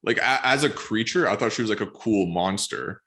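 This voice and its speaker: A man co-hosting a podcast, musing about a book in a hesitant, casual way with many pauses and fillers. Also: fairly low pitch, animated, a bit bright. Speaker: podcast co-host.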